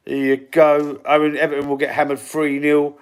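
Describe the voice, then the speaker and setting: A man's voice: on the high side, monotone, normal speed, smooth. A middle-aged man with a London Cockney accent, casually chatting through football predictions on a livestream and reading viewer comments aloud. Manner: chatty, reads out viewer comments and predictions, stumbles and repeats words. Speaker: football channel host reading live chat.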